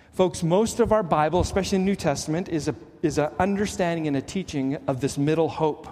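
Middle-aged Canadian-raised male pastor, earnest sermon delivery, slightly high voice, long reverb of a church hall. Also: fast talker, hardly any pauses, a little hiss or hum. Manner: earnest preaching, rising to emphatic highs and dropping to hushed lows.

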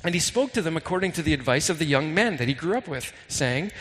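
Male pastor with a fairly high voice, earnest sermon delivery, long hall echo. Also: lively intonation, a bit bright. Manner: earnest, reads scripture slowly and dramatically.

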